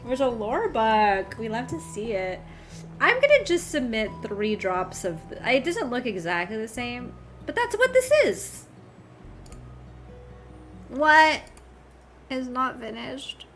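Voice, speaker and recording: Excitable young woman streaming a game. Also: fairly high pitch, unhurried, soft background music. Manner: excitable, laughs often, squeals and yelps. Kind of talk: live game stream, reading game text aloud.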